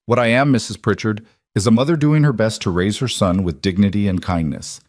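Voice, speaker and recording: A man voicing a dignified young single mother who speaks in a calm, restrained way. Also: lowish voice, a little fast, natural voice. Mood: steely.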